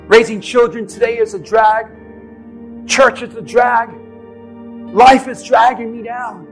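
A male pastor with a very high voice delivers a sermon, swinging between hushed passages and fervent shouts. Soft music plays faintly beneath him. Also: fairly even intonation, a little slow. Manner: impassioned, rising to shouts then dropping low. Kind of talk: sermon with altar call.

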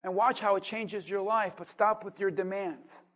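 A pastor preaching a sermon with dynamic swings between loud emphasis and quiet asides, full of rhetorical questions and call-and-response. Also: medium pitch, steady tone, normal speed.

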